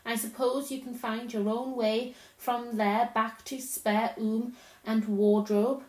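A woman's voice: a little high, little pitch movement, slow pace. Timid tearful male faun, anxious and polite, read by a woman, roomy storybook sound. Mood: urgent. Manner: anxious, fretful, old-fashioned politeness. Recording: roomy echo.

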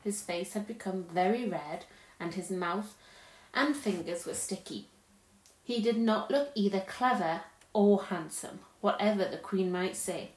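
A woman reading a children's novel aloud as narrator, in a steady, clear storytelling way. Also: medium pitch, a little slow. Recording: roomy echo.

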